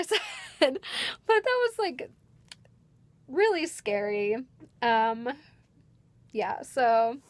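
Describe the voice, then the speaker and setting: A young woman chats casually to the camera in a slightly high voice. She talks freely, with many small fillers and frequent light laughs, about her work as a party princess. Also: no echo. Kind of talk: casual vlog.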